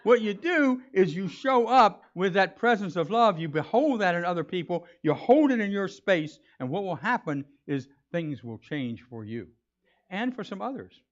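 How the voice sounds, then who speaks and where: A man's voice: high voice, normal speed. Brief: male pastor, conversational and playful sermon delivery, muffled church recording. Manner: animated, joking, conversational preaching.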